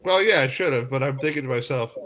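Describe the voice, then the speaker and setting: A man from New York hosting a sports talk radio show, telling stories in a lively, laughing way. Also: medium pitch, fast talker. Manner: storytelling, animated, laughs often. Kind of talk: casual radio chat.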